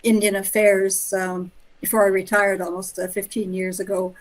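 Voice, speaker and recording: A woman in her sixties calling in to a casual chat, speaking in a hesitant, soft-spoken way. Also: medium pitch, flat delivery, moderate pace, poor audio. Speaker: caller.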